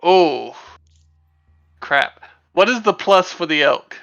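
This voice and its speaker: A man's voice: sits high, animated, takes it slowly, creaky, fairly bright tone, no echo, highs cut off. A man playing in a tabletop game, casual and playful, often laughing. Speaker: player. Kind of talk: tabletop game play on stream.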